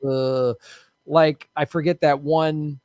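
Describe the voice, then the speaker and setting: A man's voice: a little high, flat delivery, slow, darkish tone, clean tone, no echo. Playful, dry-sounding man co-host. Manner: playful, laughing, slips into joke accents. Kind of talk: casual political comedy chat.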